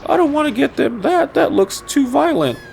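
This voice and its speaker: Man doing a high fussy shopping mom. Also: sing-song, moderate pace, vocal fry, darkish tone, a little hiss or hum, full character voice. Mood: fretful. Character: fretful mother shopping for her child.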